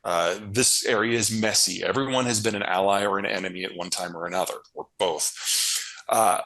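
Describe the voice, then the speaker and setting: A man's voice: lowish voice, steady tone, fairly quick, a bit bright, low-quality recording. A man answering interview questions in a blunt, casual way, hammering points home by repeating phrases. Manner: blunt, emphatic, stacks repeated phrases for stress. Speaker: guest analyst.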